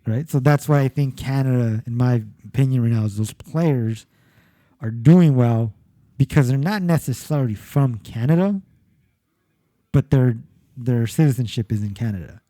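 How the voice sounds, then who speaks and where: A man's voice: mid-range voice, normal speed, warm tone, no echo. A man co-hosting a casual sports podcast, rambling with restarts, swearing and laughing as he talks. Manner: rambling, profane, laughs at own jokes. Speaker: podcast co-host. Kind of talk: casual chat.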